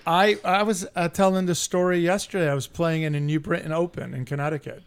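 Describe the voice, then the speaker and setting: A middle-aged man hosting a casual sports podcast, telling a heated story in a profane, animated way. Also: fairly high pitch, a little fast, smooth. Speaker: podcast host.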